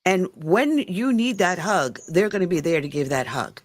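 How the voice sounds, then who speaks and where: A woman's voice: lowish voice, very animated, moderate pace, dry recording. A woman from the United States hosting a talk show, summarizing points in a reflective way. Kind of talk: conversational interview.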